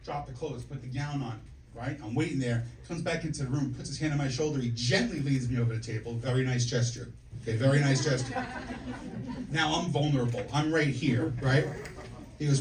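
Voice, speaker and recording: A man's voice: medium pitch, fairly quick. A man in his forties doing a stand-up set, telling brash, profane stories and working the crowd, with frequent "okay?" and "right?" asides. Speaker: stand-up comedian. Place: comedy club stage. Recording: echoey club from a distance, loud room noise.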